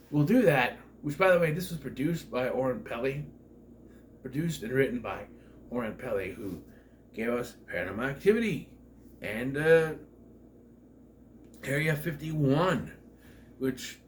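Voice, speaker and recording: A man with a mid-range voice rambles through a casual, spoiler-filled horror movie review, forgetting character names and clearing his throat. There's slight background noise.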